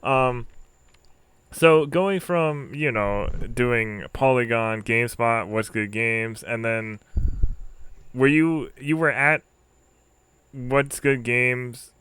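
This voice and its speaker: A man's voice: mid-range voice, slow pace, pauses often, a bit bright, clear, resonant tone. Rambling man hosting an interview podcast. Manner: rambling, lots of filler words. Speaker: podcast host. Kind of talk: casual interview chat.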